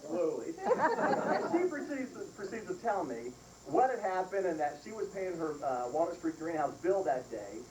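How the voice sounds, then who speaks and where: Animated man telling a story, echoey and distant. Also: fairly high pitch. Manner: animated storytelling with frequent laughs. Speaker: son giving a eulogy. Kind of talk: humorous storytelling at a funeral. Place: funeral service hall. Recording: echoey room from far off, noisy.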